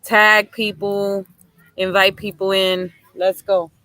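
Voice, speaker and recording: Bright-voiced woman hosting a live stream. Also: medium pitch, level tone, takes it slowly, dry recording, rough recording. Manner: chatty, upbeat, greets viewers by name. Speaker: live show host. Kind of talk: casual live-stream chat. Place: outdoors by a lake.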